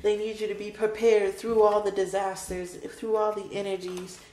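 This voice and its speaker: A woman's voice: medium pitch, flat delivery, normal speed, mellow. A woman giving a spoken tarot card reading, emotional and dramatic, repeating her phrases for emphasis. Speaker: tarot reader. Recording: roomy echo with faint background noise.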